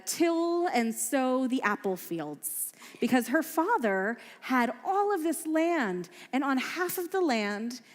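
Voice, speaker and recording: A woman telling a story to children at a family service, playful and quizzing them with questions. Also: fairly high pitch. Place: synagogue sanctuary. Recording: echoey hall with faint music.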